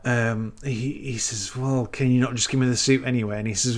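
Casual male co-host, middle pitch, loose rambling retelling with put-on character lines. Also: fairly even intonation, normal speed. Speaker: podcast co-host. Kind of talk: casual film recap chat.

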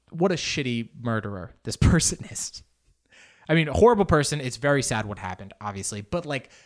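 A man hosting a casual solo podcast, talking in an animated, joking and profane way and slipping into Spanish words. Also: medium pitch. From Argentine family background. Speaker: podcast host.

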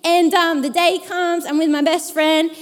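High-voiced woman preaching in a reverberant hall. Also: a little slow, faint music behind. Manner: animated, acts out the people in her stories. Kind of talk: sermon with personal storytelling.

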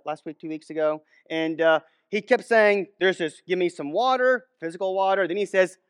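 A man preaches a sermon in a loose, conversational way, acting out short quotes and stumbling into restarts. His voice sits high for a man. The sound is dry and close, with no room echo. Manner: conversational, storytelling, frequent restarts and acted-out quotes.

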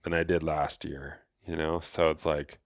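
A man's voice: rumbling low, flat delivery, normal speed, no echo, studio quality. A man co-hosting a podcast, chatting casually and loosely, with lots of filler words. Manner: laid-back, heavy use of "like". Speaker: podcast co-host.

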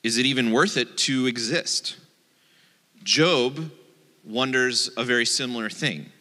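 A man's voice: mid-range voice, measured pace, bright, forceful tone, in a large hall. A man, a rabbi, giving a playful, joking sermon and acting out the voices in his quotes.

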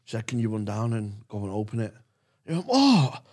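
A man's voice: on the low side, little pitch movement, quick pace, dark tone. A man telling a prank story on a comedy podcast, swearing freely and laughing through it. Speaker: podcast co-host.

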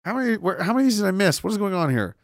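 A man's voice: sits high, sing-song, rapid-fire, gravelly, no echo. Sarcastic rambling man on a dry mic. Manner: rambling, sarcastic, lots of "like" fillers. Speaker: streamer reading chat. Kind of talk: casual live-stream commentary.

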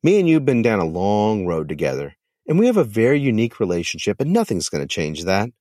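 A man voicing a gentle, sincere newlywed male turtle who talks in an earnest, reassuring way. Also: fairly low pitch, huge pitch swings, quick pace, no echo, studio quality. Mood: tender.

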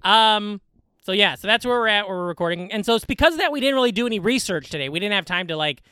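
A man co-hosting a comedy podcast, chatting casually, joking quickly and laughing often. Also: high-pitched, animated, pushed and bright, clean tone, no echo, clean studio sound. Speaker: podcast co-host.

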